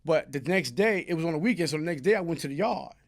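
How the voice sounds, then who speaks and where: A middle-aged man, telling a story as a guest in a casual interview. His voice sits high, and he talks in animated street slang. He breaks into loud shouts. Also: fast talker. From New York.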